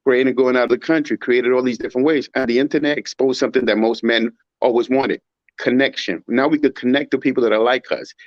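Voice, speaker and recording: A man's voice: medium pitch, steady tone, fast, no echo. A man in casual talk giving emphatic, rhetorical opinions and mimicking others in a raised voice. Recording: dull muffled audio.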